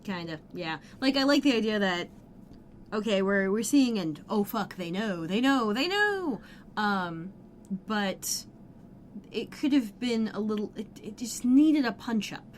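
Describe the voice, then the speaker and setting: A woman's voice: medium pitch, animated, measured pace, a little hiss or hum. A woman co-hosting a podcast in casual chat, blunt and jokey, swearing offhandedly and playfully opinionated. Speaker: podcast co-host. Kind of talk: casual chat recapping a TV episode.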